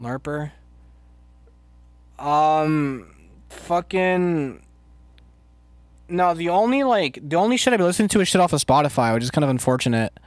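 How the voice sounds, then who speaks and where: Man, streamer, casual rambling chat, profane, filler-heavy, somewhat high-pitched. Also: lively intonation, moderate pace, long pauses, no echo. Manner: rambling, loose and profane, full of filler words. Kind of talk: casual chat, answering live chat.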